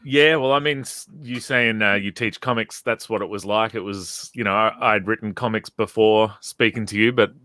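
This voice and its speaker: A man's voice: fairly low pitch, steady tone, moderate pace, hardly any pauses, bright, forceful tone, no room sound. A man who writes comics, chatting casually and eagerly, with lots of ums and hesitations. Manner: eager, hesitant, many fillers. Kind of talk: casual chat.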